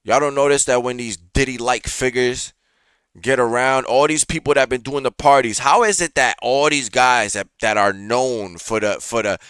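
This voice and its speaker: Bright, animated male reaction-show host. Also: medium pitch, moderate pace, smooth, no echo, studio quality. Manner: profane, animated rant with frequent fillers. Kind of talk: casual reaction commentary.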